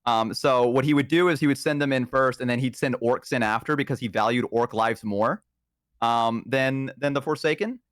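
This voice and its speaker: A man's voice: medium pitch, normal speed, a bit bright, smooth, no room sound, clean studio sound. Rambling man talking on a stream. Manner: rambling, full of ums and uhs. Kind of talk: casual chat. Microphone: close microphone.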